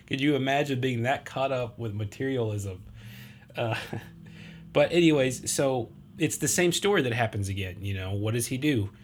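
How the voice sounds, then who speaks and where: A man's voice: mid-range voice, expressive, moderate pace, a little hiss or hum. A man hosting a podcast, retelling a film plot in a casual, rambling way with lots of fillers and acted-out quotes. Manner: rambling, many fillers and restarts, acts out quotes. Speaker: podcast host.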